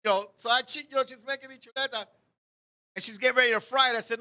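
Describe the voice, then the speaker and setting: High, sharp-toned joking man. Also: fast. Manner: profane, animated, joking. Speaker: podcast host. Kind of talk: comic storytelling on a talk show.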